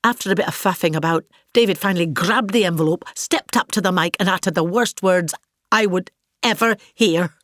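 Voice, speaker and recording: A woman's voice: fairly low pitch, brisk, fairly bright tone, no room sound, clean studio sound, lightly acted. A woman with a Scottish accent playing a vain, grandiose older actress in a scripted comic monologue, pompous and gossipy. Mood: grand.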